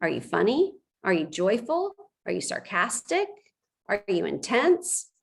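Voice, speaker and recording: Female presenter, forties, passionate and fiery, unhurried delivery, motivational team trainer. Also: mid-range voice, sing-song, gravelly, husky. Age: 40s.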